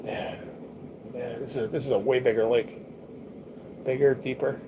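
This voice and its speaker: With fairly even intonation and a measured pace, this man's mid-range voice carries a casual livestream. He talks to viewers in a blunt, rambling, profane way heavy on slang, against noticeable background noise.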